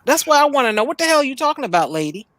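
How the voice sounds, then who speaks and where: A woman's voice: sits high, sing-song, racing, a bit bright, no room sound. A woman from Chicago hosting a news reaction show from home, ranting bluntly and in exasperation. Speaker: host.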